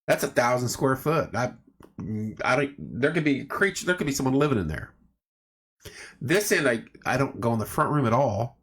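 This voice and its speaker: A man's voice: mid-range voice, sing-song, normal speed, fairly bright tone, breathy edge. A man hosting a casual home livestream, rambling through stories and greeting viewers by name. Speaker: livestream host. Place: home room at night.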